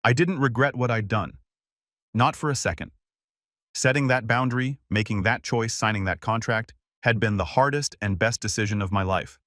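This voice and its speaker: A man calmly narrating a first-person story in an even storytelling voice, recorded close to the mic. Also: on the low side, moderate pace, no echo.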